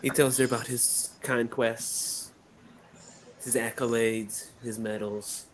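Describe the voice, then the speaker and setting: A man playing in a tabletop game who describes his character's actions calmly and tersely. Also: mid-range voice, slow pace, a little hiss or hum, poor audio. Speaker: player.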